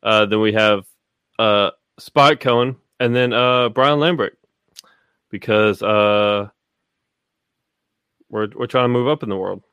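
A man's voice: on the low side, slow pace, long pauses, fairly bright tone, clean tone, no echo, clean studio sound. A man hosting a casual podcast chat, rambling with lots of fillers and swearing. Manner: rambling, profane, full of fillers. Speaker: podcast host.

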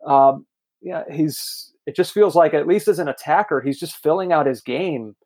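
A man co-hosting a football podcast in casual chat, easygoing and quick to laugh. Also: on the high side, a little mellow. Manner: easygoing, laughs often, says "like" a lot. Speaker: podcast co-host.

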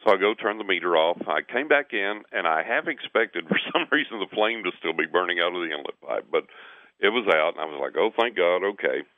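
Low-voiced man telling a story over a phone line. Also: expressive, fairly quick, no echo. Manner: acts out quotes, repeats words, laughs mid-sentence. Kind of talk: animated personal storytelling. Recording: tinny phone line on radio.

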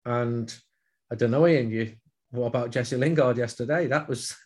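A man's voice: medium pitch, normal speed, a little mellow. A man chatting casually on a football podcast, a regular on the show, talking in a chatty, self-deprecating way and often repeating words as he starts a thought. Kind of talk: casual chat.

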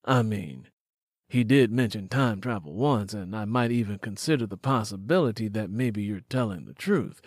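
A man reading an audiobook, voicing a stern, skeptical small-town male police officer who questions slowly and bluntly. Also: on the low side, expressive, no room sound, clean studio sound. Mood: probing. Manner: slow, deliberate, blunt questioning. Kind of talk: audiobook character voice.

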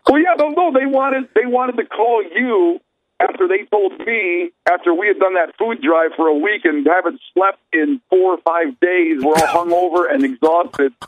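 A man's voice: high-pitched, normal speed, phone-quality sound, a little hiss or hum. A man on a casual podcast telling stories, laughing and acting out the lines of other people. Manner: laughing, acts out quotes. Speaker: podcast co-host. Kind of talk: casual storytelling.

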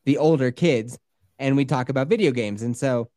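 A man's voice: mid-range voice, normal speed, warm tone, dry recording, studio quality. A young man co-hosting a podcast, telling a story in a rambling way, swearing and laughing a lot. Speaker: podcast co-host. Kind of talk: casual storytelling chat.

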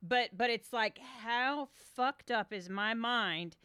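A woman's voice: fairly high pitch, slow pace, bright, forceful tone, clear, resonant tone, no echo, studio quality. A woman hosting an interview, reacting supportively with stammering restarts. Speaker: host. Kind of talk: podcast interview.

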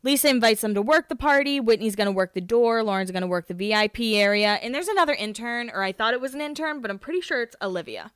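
A woman's voice: a little high, lively intonation, fast talker, hardly any pauses, fairly bright tone, smooth, no echo, studio quality. A woman hosting a podcast, recapping in casual chat, rambling, swearing and laughing at herself. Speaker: podcast host.

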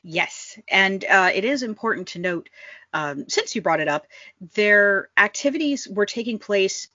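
A woman's voice: mid-range voice, expressive, a little slow, bright, forceful tone, no echo. A woman co-hosting a casual history podcast, explaining with wry, dry understatement. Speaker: podcast co-host. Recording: slightly dull, dry home mic.

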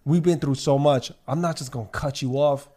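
A man's voice: mid-range voice, fairly quick. A man in casual podcast chat, telling a long story with lots of swearing and acted-out quotes. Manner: animated, profane, repeats himself in quoted dialogue.

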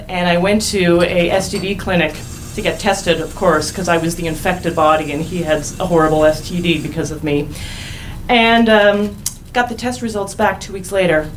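A woman's voice: lowish voice, normal speed, poor audio. Young woman telling a funny story on stage, wry, laughs at herself, bit of hiss. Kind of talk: personal story told on stage.

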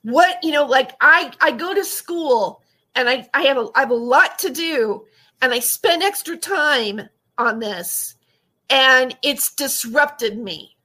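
On an audio-only YouTube livestream where her face isn't shown, a young woman speaks slowly in a high, bright, forceful voice. Close to tears and upset, she vents emotionally to her chat, saying hello to viewers while rambling and going over the same points again.

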